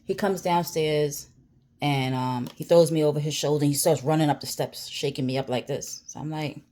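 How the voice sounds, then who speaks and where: Low-voiced blunt New woman. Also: steady tone, moderate pace, dark tone. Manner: blunt, heavily profane, emphatic. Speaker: vlogger telling a personal story. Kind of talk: storytime monologue.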